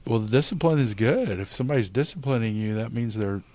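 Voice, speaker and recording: A middle-aged podcast co-host talks about faith and recovery, earnest yet casual, with frequent "you know"s. His mid-range voice has lively intonation, a quick pace and a dark tone.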